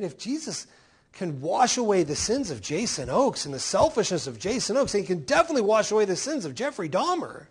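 Middle-aged male pastor, lively sermon delivery, high voice with lots of swing, keeps asking the congregation rhetorical questions. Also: husky. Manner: animated, rhetorical questions, voicing quoted speakers.

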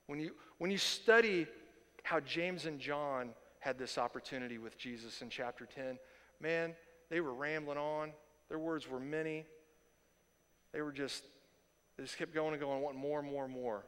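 A man preaching a sermon as pastor, animated and often repeating words as he builds a point. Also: medium pitch, normal speed, big-room sound. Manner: animated, repeats words when excited, self-correcting.

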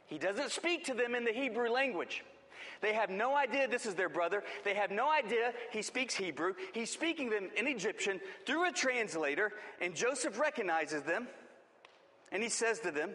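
A man preaching a sermon, telling the story dramatically and acting out the quoted lines, swinging between booming and hushed. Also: expressive, normal speed. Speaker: pastor. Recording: long hall reverb.

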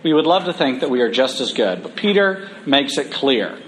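A man preaching a conversational sermon, humorous at times and slowing down for emphasis. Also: mid-range voice, sing-song, slight background noise.

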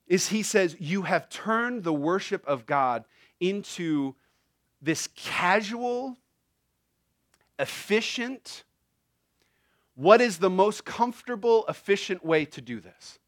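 A young male pastor preaching with a high, lively voice that leaps up and down in pitch. His tone is bright and forceful, and he climbs to near shouts on his key points. The sound is dry and close. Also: dry recording. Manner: animated, rising to near shouts on emphasis. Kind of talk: sermon.

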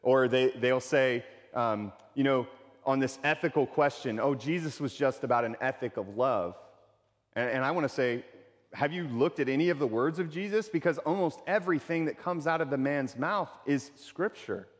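A pastor preaching a sermon in a conversational way, repeating key phrases for emphasis. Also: male voice, mid-range voice, normal speed, long reverb tail.

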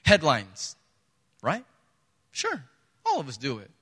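A man's voice: on the high side, wildly swooping pitch, takes it slowly, bright, forceful tone, slightly rough. A man preaching a sermon as pastor, emphatic and conversational, asking his listeners rhetorical questions. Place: church sanctuary. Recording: reverberant church hall.

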